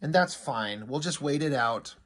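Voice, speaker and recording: A man's voice: mid-range voice, lively intonation, moderate pace, fairly bright tone, lightly acted. A man reading the lines of a cold, arrogant female villain from a comic book in his own voice. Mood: haughty. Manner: reads comic dialogue in own voice.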